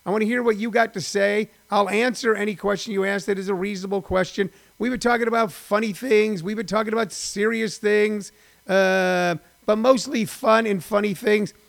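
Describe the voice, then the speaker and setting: A man's voice: high voice, steady tone, normal speed, creaky. A middle-aged man, a former stand-up comic, hosting a casual live stream from home, rambling and chatty with lots of fillers.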